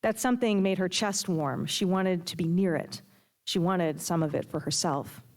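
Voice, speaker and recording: A woman reading her own fiction aloud with a steady storytelling delivery. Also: lowish voice, normal speed. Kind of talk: prose reading.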